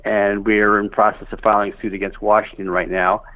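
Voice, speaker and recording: A middle-aged man speaking as a guest over the telephone, steady and factual, with many fillers. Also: on the low side, fairly quick, no echo. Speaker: phone-in guest. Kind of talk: phone interview. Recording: dry, tinny phone line.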